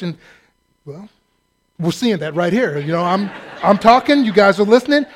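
High-voiced man preaching a joking sermon. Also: lively intonation, normal speed. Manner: humorous, conversational, self-deprecating. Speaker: pastor.

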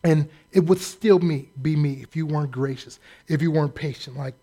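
A man with a fairly high voice preaching a sermon. He talks loosely and conversationally, swings between quiet asides and loud bursts, and slips into quick mimicked voices to make his point. His tone is animated and jokey, but the delivery is still that of a pulpit message. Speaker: pastor.

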